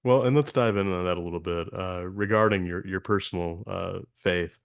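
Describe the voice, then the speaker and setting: A man hosting an interview, asking questions in a conversational, halting way. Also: low voice, vocal fry, clean tone. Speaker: interview host.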